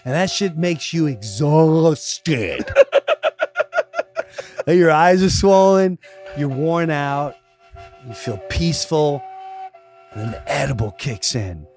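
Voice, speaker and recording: A middle-aged man, a podcast guest, telling animated stories with lots of swearing and acted-out voices. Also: fairly high pitch, takes it slowly, long pauses, faint music behind. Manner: acts out quoted voices, swearing, laughing. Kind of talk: animated storytelling.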